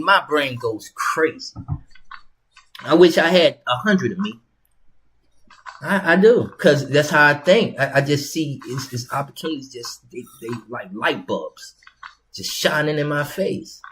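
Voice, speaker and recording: A man's voice: on the high side, a bit bright. A man hosting his own show, talking casually and rambling with repeated words and slang. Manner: rambling, repetitive, conversational with slang. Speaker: host. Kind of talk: casual instructional monologue.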